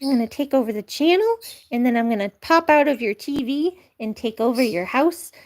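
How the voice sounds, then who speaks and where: A woman's voice: high voice, expressive, brisk. A woman voicing a tiny, boastful, greedy male kitten with a giggly, sing-song manner. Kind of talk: playful pet voice for a vlog.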